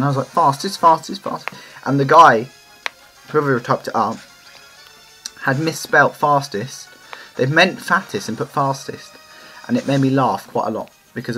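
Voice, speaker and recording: A man's voice: mid-range voice, a bit bright, rough recording. Chatty English man narrating gameplay. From England. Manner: rambling, chatty, drifts into side stories. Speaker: let's play commentator. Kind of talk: casual gameplay commentary.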